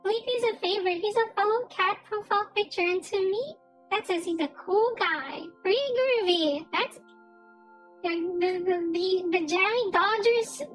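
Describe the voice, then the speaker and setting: A woman with a very high, light voice chats casually through a game stream, speaking slowly and unhurriedly. She rambles and repeats words as she thinks. Soft music plays faintly behind her.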